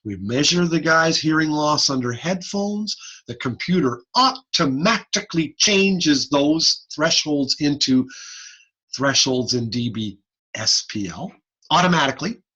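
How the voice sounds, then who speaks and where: A man giving an informal online lecture, lively and blunt, over a computer mic on a video call. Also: a little high, unhurried, breathy edge, dull audio. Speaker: audiology lecturer.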